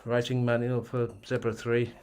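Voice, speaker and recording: An older man from Germany, a guest on a casual video call, relaxed and meandering with occasional chuckles. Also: mid-range voice, moderate pace, smooth. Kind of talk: casual chat.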